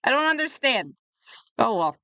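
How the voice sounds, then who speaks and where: A young woman picks apart a webcomic in chatty, sarcastic commentary, a little tipsy from drinking. Her voice is bright and slightly high, and the sound is dry and close to the mic. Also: sing-song, normal speed, no echo. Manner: chatty and sarcastic, riffing on the comic. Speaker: webcomic reviewer. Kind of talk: casual comedic commentary.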